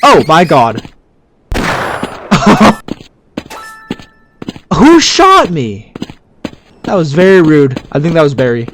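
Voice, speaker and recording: Male let's-player, jumpy and loud at scares, unhurried between them, very animated voice. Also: a little high, background noise. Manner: excitable, yelps and shouts at scares; quiet muttering to himself. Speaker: gamer. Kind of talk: let's-play commentary.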